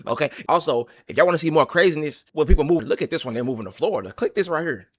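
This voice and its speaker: A man's voice: on the high side, lively intonation, very fast, hardly any pauses, breathy edge, no echo. A man from Texas with a Texan accent, hosting a casual reaction video in loose, playful slang.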